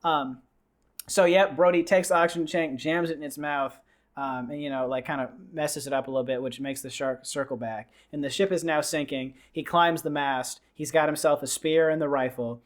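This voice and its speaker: A man on a podcast, excitedly retelling a film scene by scene, with lots of fillers and restarts. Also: on the high side, normal speed. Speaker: podcast host. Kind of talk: casual podcast chat.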